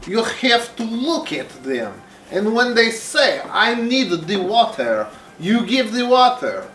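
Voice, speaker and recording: A man's voice: high voice, very animated, slow, fairly bright tone, roomy sound, soft background music, voice pushed up, full character voice. A man putting on a flamboyant plant-loving character with a mock Spanish accent, theatrical and doting. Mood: playful. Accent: put-on Spanish. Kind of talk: comic vlog persona.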